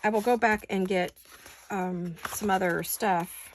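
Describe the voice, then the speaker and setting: A woman's voice: mid-range voice, fairly even intonation, measured pace, background noise. An American woman hosting a casual craft chat, thinking aloud and gushing over pretty paper as she cuts it at her desk at home. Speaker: craft channel host.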